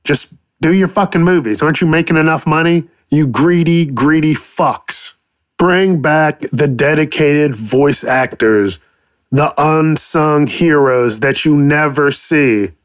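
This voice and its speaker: A man's voice: a little high, slow, no room sound, clean studio sound. A man hosting a podcast, rambling casually and cursing freely while he muses on voice acting. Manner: profane, rambling, playful silly voices. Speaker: podcast host. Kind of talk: casual solo podcast monologue.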